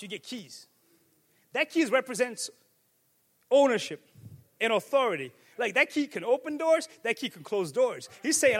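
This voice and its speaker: A man preaching a sermon as pastor, moving between quiet reflection and fervent shouted declarations. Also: extremely high pitch, husky, long reverb tail. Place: church sanctuary.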